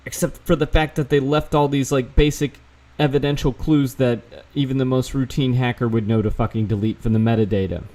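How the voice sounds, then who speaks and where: A man's voice: medium pitch, brisk, darkish tone. Sarcastic, profane man reading news aloud. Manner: sarcastic, profane, reads articles aloud with asides. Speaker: vlogger fact-checking news. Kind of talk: casual screen-share commentary.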